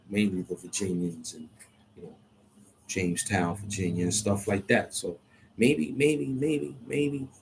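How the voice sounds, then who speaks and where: A man talks to himself in a loose, thinking-out-loud monologue, stopping short and circling back over the same words. His voice sits somewhat low. A faint hiss of background noise runs under the recording. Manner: hesitant, repeats himself, talks to himself. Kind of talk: rambling monologue, thinking aloud.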